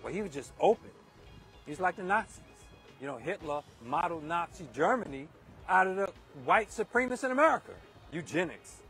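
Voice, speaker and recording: High-voiced man preaching outdoors. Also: animated, fairly quick, fairly bright tone, soft background music. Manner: emphatic and repetitive, driving points home. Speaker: speaker giving a moral talk. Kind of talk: off-the-cuff preaching monologue. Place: outdoors in a windy park.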